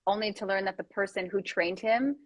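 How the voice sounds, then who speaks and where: A woman hosts a relaxed conversation, with a medium-pitched voice. She teases her guest and jumps in with quick jokes, keeping the tone light and playful. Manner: playful, teasing, quick to joke. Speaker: host. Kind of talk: casual interview chat.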